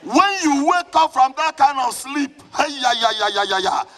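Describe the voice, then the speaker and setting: Preaching live in church with a Nigerian English accent, this man keeps his voice very high and his intonation lively at a normal speed. He shouts fervently and repeatedly calls for the congregation's response.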